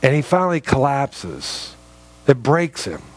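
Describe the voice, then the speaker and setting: A man's voice: medium pitch, big pitch swings, a little slow. A man preaching a sermon, telling stories and often repeating words as he restarts. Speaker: pastor.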